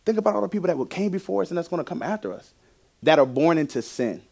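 This young man's voice is on the high side, with vocal fry and a quick pace, as he shares a personal testimony in a sermon. Animated and laughing often, he shifts between loudness and near-whispers.

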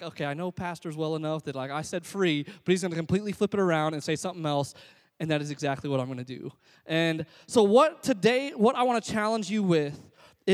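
Pastor guy preaching casual and earnest, pretty high voice, long echo of a big hall. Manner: earnest, conversational, self-deprecating preaching. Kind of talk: sermon.

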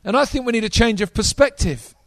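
A man preaching a sermon to a live congregation, energetic and talking straight to the audience. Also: very high-pitched, brisk, dry recording.

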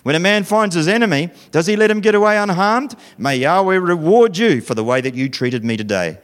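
A man's voice: sits high, animated, brisk, pitched above the performer's own voice. A man reading the part of a remorseful old king in a Bible story told to children, his voice raised and emotional.

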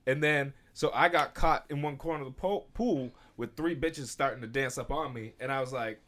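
A man with an ordinary-pitched voice tells a story in a casual podcast chat. He rambles, backtracks and restarts his sentences. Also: moderate pace, a bit bright. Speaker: podcast co-host.

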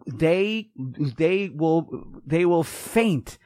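A man hosting a podcast, talking in an animated, joking way and acting out little voices. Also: fairly high pitch, very slow, no echo, clean studio sound. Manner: animated, jokey, acts out voices. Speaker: podcast host. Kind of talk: casual chat.

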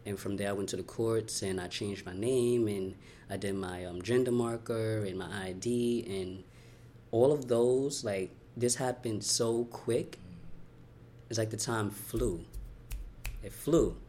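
A young man from Brooklyn, telling his life story in an interview, candid and heartfelt, talking in quick runs with lots of "you know" and "like.". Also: lowish voice, warm tone. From Brooklyn, New York. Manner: candid, fast-flowing, heartfelt, many "you know" and "like" fillers. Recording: faint background noise.

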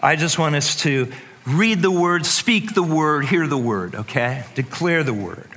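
A man preaching a sermon to a congregation, animated and playful, acting out voices with sudden jumps in pitch. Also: measured pace. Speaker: pastor.

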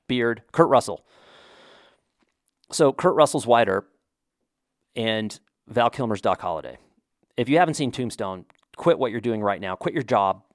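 A low-voiced man riffing in a loose, opinionated monologue. He talks in a rambling way, stumbles over restarts and throws in punchy asides. The sound is dry and close, with no room echo.

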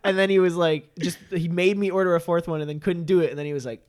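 A man on a podcast recounting an order in casual chat with deadpan asides. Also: fairly high pitch, quick pace, no echo, clean studio sound.

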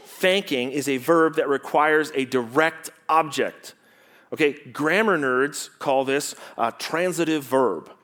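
Slightly high-voiced and taking it slowly, a pastor preaches an animated, instructive sermon. He asks the congregation rhetorical questions, his emphasis dropping from loud to quiet stresses.

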